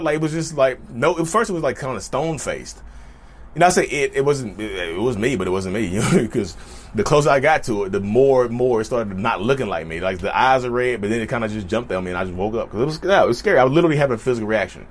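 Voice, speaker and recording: Fast-talking man telling a personal story. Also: medium pitch, lively intonation. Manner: chatty, repetitive, keeps addressing viewers as y'all. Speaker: vlogger. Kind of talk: casual storytelling to viewers.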